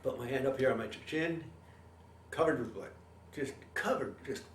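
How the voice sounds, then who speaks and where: Older male veteran, animated oral-history teller; roomy, distant sound with faint hiss. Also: medium pitch, normal speed. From Canada. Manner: animated storytelling, acts out quoted voices. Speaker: veteran interviewee.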